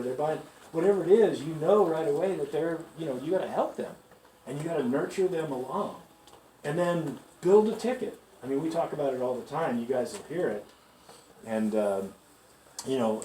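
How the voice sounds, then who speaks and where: A man giving a lively storytelling pep talk to store staff, acting out the people he quotes, recorded from a distance in a store. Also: medium pitch, a little hiss or hum. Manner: animated, laughing, acts out quoted people. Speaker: company executive addressing store staff. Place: store on opening day. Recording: echoey room, mic far off.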